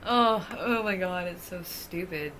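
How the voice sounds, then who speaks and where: A young woman recounting a personal story for her vlog, swearing freely and sounding exasperated with how things went. Her voice sits a little low for a woman, and clear music plays behind her the whole time. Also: unhurried.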